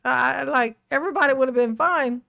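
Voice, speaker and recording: A woman's voice: high-pitched, fairly quick, creaky, fairly bright tone. A woman hosting a reaction video, giving casual, blunt and sarcastic commentary with plenty of swearing. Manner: blunt, emphatic, profane and sarcastic.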